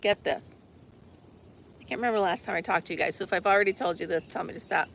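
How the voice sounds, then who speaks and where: Woman host, casual chatty livestream, gravelly voice, faint outdoor hush behind her. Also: lowish voice, fast talker, a little hiss or hum. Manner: chatty, rambling, laughs often. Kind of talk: casual chat with viewers. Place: outdoor deck with a swing.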